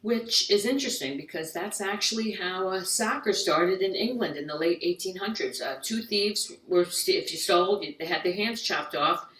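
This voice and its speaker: A woman's voice: on the low side, fairly bright tone, distant mic. American woman comic in an echoey room. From United States. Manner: quick jokey delivery with many voiced asides. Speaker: stand-up comedian. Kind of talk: stand-up comedy monologue.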